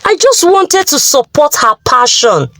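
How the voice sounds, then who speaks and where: A woman's voice: sits high, sing-song, a little slow, fairly bright tone, no room sound, heavily acted, low-quality recording. A woman voicing a remorseful middle-aged mother begging her husband for forgiveness. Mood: pleading. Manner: begging, apologetic.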